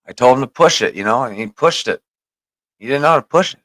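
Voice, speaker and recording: A man's voice: medium pitch, animated, quick pace, fairly bright tone, no room sound, low-quality recording. A man hosting a podcast, telling a long, profane story in a rambling, casual way. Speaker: podcast host.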